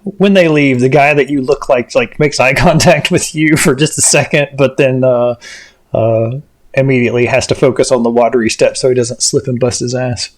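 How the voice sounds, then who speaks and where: A man's voice: mid-range voice, fairly even intonation, normal speed. A man running a tabletop game as game master, rambling with lots of ums and restarts. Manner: rambling, many fillers and restarts.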